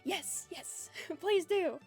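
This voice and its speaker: A high-pitched woman chats on a livestream and giggles often. She reads viewers' messages aloud. She calls herself low-energy, and soft music plays behind her. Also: very slow. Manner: self-described low-energy and introverted. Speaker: streamer chatting with live chat. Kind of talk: casual livestream chat.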